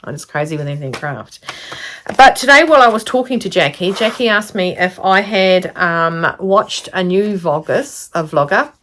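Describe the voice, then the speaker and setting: Low-voiced lady rambling on about her crafts, lots of ums, chatty vlog. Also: lively intonation, moderate pace, fairly bright tone, slight background noise. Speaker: craft vlogger. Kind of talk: casual sit-down chat to camera.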